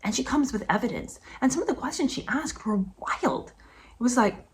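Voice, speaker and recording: A woman's voice: animated, normal speed. Emphatic woman reviewing a book. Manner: emphatic, indignant, with sudden high-pitched outbursts. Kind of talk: casual commentary vlog.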